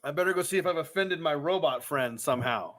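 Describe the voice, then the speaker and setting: Joking guy cohosting a podcast, kinda high bright voice, laughs a lot. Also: lively intonation, fast talker. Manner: jokey, playful, laughs often. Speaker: podcast co-host. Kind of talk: casual chat.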